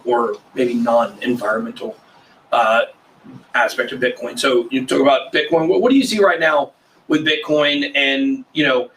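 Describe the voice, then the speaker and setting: A man's voice: mid-range voice, fairly bright tone, distant mic, a little hiss or hum, rough recording. A man hosting a casual roundtable chat, asking questions and cracking pun jokes. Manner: jokey, interrupts with puns. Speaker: host.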